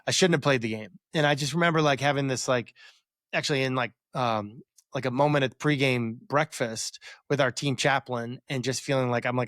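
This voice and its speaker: A man's voice: medium pitch, brisk, fairly bright tone, dry recording, clean studio sound. A man in his forties, a guest on a podcast, telling a long reflective story in a rambling way with many fillers and restarts. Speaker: guest, former quarterback.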